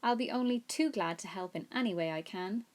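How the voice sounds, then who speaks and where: A woman reading a storybook aloud, voicing a timid, eager young male pig in a gentle, pleading way. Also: medium pitch, a little fast, lightly acted. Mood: anxious.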